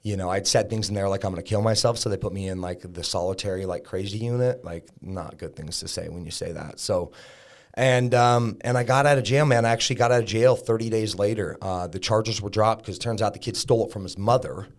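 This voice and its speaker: A man's voice: lowish voice, a little fast. A man in his thirties, a podcast guest, telling his own story in a frank, conversational way, full of likes and the odd curse. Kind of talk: candid storytelling about recovery.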